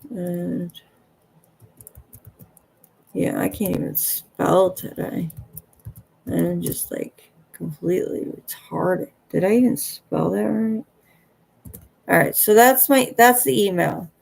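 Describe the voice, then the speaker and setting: Tired, gravelly woman. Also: lowish voice, fairly even intonation, a little mellow, a little hiss or hum. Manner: halting, earnest, trailing off. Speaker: livestream host. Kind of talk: late-night livestream chat.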